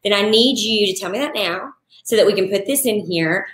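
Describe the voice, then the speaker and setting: A woman's voice: mid-range voice, fairly quick. Chatty woman in an echoey room. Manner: chatty, animated, acts out clients in quoted voices. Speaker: wedding florist and business coach. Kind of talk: casual live-stream talk answering viewer questions.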